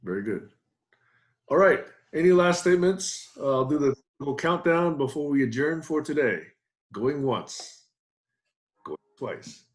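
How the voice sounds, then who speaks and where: A man's voice: on the high side, lively intonation, moderate pace. Upbeat man moderating a call. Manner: upbeat, wrapping up. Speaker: session moderator.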